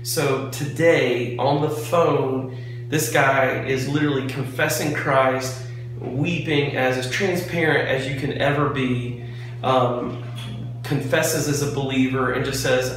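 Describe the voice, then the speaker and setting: On a front porch, a pastor talks casually yet earnestly about faith for a devotional vlog, sounding excited and preacherly. His mid-range voice is slow, the recording very echoey with a slight hiss or hum.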